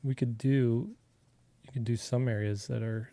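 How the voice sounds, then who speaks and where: A middle-aged man from Arizona talks through a digital coloring lesson in a loose, conversational way, full of little fillers and restarts. His voice is mellow and warm, at a middling pitch. The recording is close and dry. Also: measured pace, dry recording. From Arizona, USA. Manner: relaxed and chatty, with filler words and restarts, talking while he works. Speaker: artist teaching a digital coloring tutorial. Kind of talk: casual live drawing tutorial.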